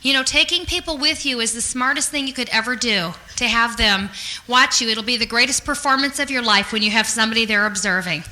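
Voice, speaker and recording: A woman leads a motivational sales training talk, earnest and upbeat as she encourages her listeners. Her voice sits high, with a piercing, sharp brightness. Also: brisk, rough recording.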